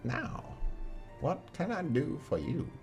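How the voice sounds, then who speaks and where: A croaky, gravelly old voodoo wise woman, put on by a man, speaks slowly and solemnly in a tabletop game. Her voice rides well above his natural register. Faint music plays underneath. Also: fairly high pitch, big pitch swings, darkish tone, pitched above the performer's own voice, exaggerated voice. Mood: welcoming. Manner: slow measured cadence.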